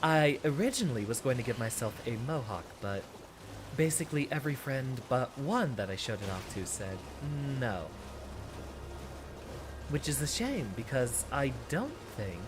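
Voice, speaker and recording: A man's voice: mid-range voice, very animated, normal speed. A man streaming a video game, chatting with viewers in a playful, theatrical way. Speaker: VTuber streamer. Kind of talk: casual gameplay commentary. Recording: game music behind.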